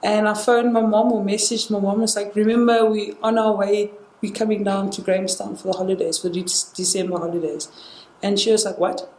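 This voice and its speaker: A young South African woman with a mid-range, darkish voice talks briskly and flatly. She's a guest recounting a personal story in casual conversation, bringing energy to it and acting out the quoted dialogue, recorded indoors with a roomy sound and faint noise.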